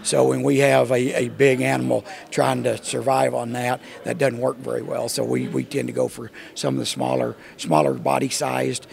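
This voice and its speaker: A man's voice: mid-range voice, little pitch movement, normal speed, creaky, hardly any pauses, a little mellow. A man from Oklahoma with an Oklahoma accent, a visiting farmer answering interview questions in a friendly way, with many "uh" restarts. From Oklahoma, USA.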